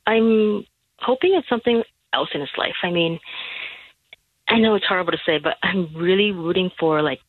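A woman phoning in to a radio show, hesitant and halting, often restarting her sentences. Her voice comes through a thin, tinny phone line. The sound is dry and close, with no room around it. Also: fairly low pitch, no echo. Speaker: radio caller. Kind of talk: phone-in chat. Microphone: telephone.

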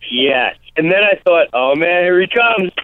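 Comedian guy chatting on the radio, acts out quotes, bit high, sounds like over the phone. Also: unhurried, no echo. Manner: animated storytelling, acts out quotes. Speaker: comedian guest. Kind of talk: casual radio interview. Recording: tinny phone-line sound.

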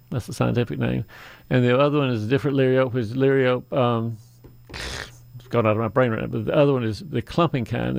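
A man hosts a call-in garden show, talking in a folksy, chatty way that drifts into asides. His voice is deeply gravelly with a lot of fry. The studio sound is dry and close. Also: a little mellow, dry recording. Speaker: radio garden show host. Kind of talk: call-in radio talk.

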